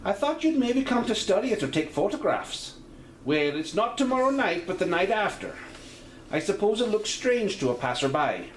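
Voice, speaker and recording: A man's voice: high voice, sing-song, moderate pace, echoey room, slight background noise, pitched above the performer's own voice. A man voicing a chatty, homely middle-aged village landlady with a put-on Irish-Scottish lilt.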